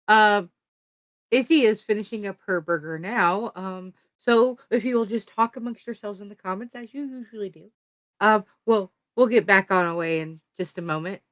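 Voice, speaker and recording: A woman's voice: medium pitch, moderate pace, fairly bright tone, no room sound, clean studio sound. Chatty woman co-host, lots of ums. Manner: chatty with frequent filler words. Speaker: co-host of a writing prompt stream. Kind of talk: casual chat.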